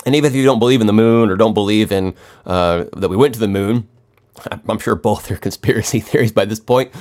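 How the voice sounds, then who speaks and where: Middle-aged man, low voice, crude sarcastic podcast ranter who rambles and restarts. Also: animated, fast talker, a little mellow. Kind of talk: profane comedic rant.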